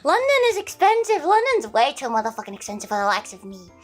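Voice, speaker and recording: Young woman, high, animated voice, rambling and profane, faint music behind. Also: fast, low-quality recording. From Australia. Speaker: livestreamer. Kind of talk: casual chat with viewers.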